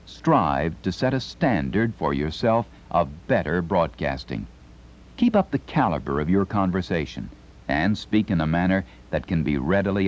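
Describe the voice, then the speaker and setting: A middle-aged man giving scripted instructional narration, with a crisp, carefully enunciated announcer delivery. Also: sits low, a little mellow. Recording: dull lo-fi 1970s tape recording.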